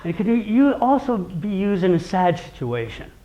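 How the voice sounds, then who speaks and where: A man's voice: high voice, normal speed, dull audio. Chatty Rhode Island man giving a talk. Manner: chatty, keeps checking in with "okay?"; acts out quoted voices, animated. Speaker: speaker on local traditions. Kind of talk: talk to a live audience.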